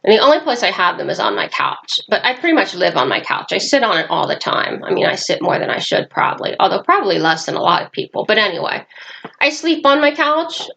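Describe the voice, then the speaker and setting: A woman's voice: medium pitch, sing-song, fast, gravelly, bright, forceful tone, rough recording. A woman from Nebraska rambling through a personal vlog in her small apartment, breaking off now and then to talk to her pets. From Nebraska, United States. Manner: rambling, talks to her pets mid-sentence. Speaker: vlogger.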